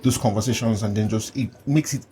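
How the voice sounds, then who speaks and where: A man hosting a podcast, telling personal stories in an animated way, laughing often and acting out what people said to him. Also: lowish voice, a little fast, slight background noise. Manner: animated storyteller, laughs often, acts out quotes. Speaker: podcast host and coach. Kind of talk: casual conversational chat.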